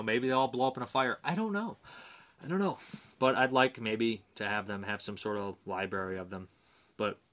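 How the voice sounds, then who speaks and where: A man's voice: on the low side, pushed and bright. A man hosting a movie review show, chatting casually and reading out viewer comments in a rambling, hesitant way with many fillers. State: dry mouth.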